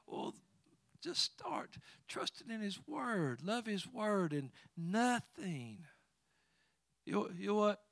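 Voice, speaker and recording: A man's voice: high voice, very animated, takes it slowly, gravelly, no room sound. A man preaching a sermon, quoting scripture with rising fervor and chuckling asides. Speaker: pastor.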